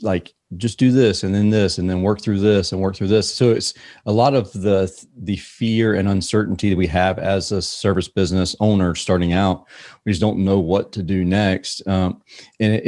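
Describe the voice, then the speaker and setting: A man hosting a podcast, chatting casually and warmly with many ums and uhs. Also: deep voice. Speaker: podcast host.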